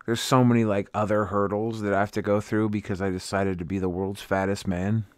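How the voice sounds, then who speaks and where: A man's voice: on the low side, level tone, a little fast, no room sound, studio quality. A tired man rambling and joking about himself as he chats casually with viewers on a live stream. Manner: rambling, self-mocking, swearing. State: tired and grumpy. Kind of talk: casual livestream chat.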